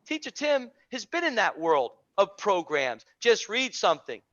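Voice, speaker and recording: High-voiced, fired-up man on a call. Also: normal speed. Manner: energetic, preachy, repeats phrases for emphasis. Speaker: online teaching community host. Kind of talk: animated motivational talk on a video call. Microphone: video call. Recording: dull lo-fi video call audio.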